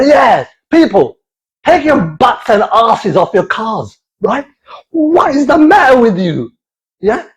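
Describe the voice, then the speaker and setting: A man's voice: sits high, low-quality recording. A man doing a playful comic monologue, swearing freely and slipping into accents as he goes. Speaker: comedian.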